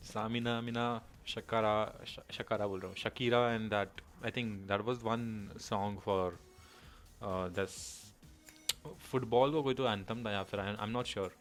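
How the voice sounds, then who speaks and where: A man talks through a diss track in casual reaction commentary, thinking aloud and slipping between English and Hindi. His voice sits a bit low and he talks quickly. Faint music plays behind him. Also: steady tone. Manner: thinking aloud, mixing English and Hindi, pausing to explain lines. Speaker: reaction video host.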